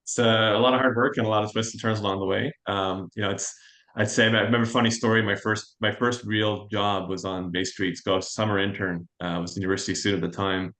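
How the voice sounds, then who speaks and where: A man in his forties, a fund manager guest, telling his career story in an interview with a quick, self-assured manner. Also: fairly low pitch, little pitch movement, fairly bright tone. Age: 40s. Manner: fast, anecdotal and self-assured.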